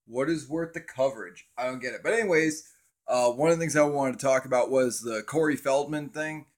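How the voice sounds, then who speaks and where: A man's voice: medium pitch, a little fast. A young man hosting a casual livestream on his cell phone, rambling and swearing as he talks to viewers in chat. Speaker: livestream host.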